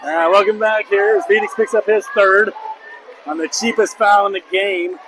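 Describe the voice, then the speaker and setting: A man calling a high school basketball game play-by-play, excitable and openly rooting for the home team. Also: moderate pace. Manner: excitable, openly biased toward the home team, shouts on big plays. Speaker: play-by-play commentator. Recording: noisy gym crowd behind. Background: crowd noise.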